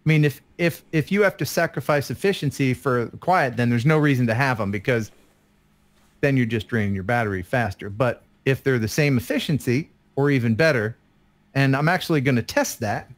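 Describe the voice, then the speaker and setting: A man's voice: mid-range voice, brisk. A man in his fifties co-hosting a live stream, chatty and self-deprecating, often trailing off and laughing. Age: 50s. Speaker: guest co-host. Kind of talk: casual live-stream chat.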